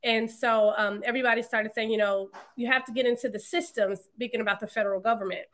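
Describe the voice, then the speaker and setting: A woman in her thirties, a podcast guest, telling her story in a casual, animated way and laughing often. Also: on the high side, fast. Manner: animated, laughs often, quotes others in lively voices. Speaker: podcast guest, marketing entrepreneur.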